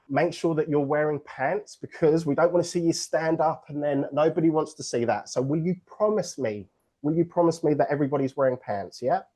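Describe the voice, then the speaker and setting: A man's voice: a little high, dark tone. A man from England with an English accent, hosting an online book launch on a video call in an upbeat, joking, playful way.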